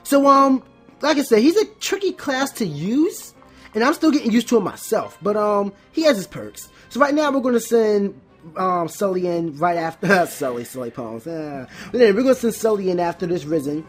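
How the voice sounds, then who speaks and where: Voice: mid-range voice, sing-song, moderate pace, husky, soft background music. Stammering, chatty gameplay commentator. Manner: stumbles and restarts often, many fillers. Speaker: Let's Play host.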